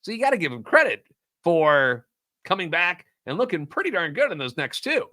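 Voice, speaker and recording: Guy doing a solo sports podcast, sarcastic and ranty, kinda high bright voice. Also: normal speed. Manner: sarcastic, animated ranting. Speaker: podcast host.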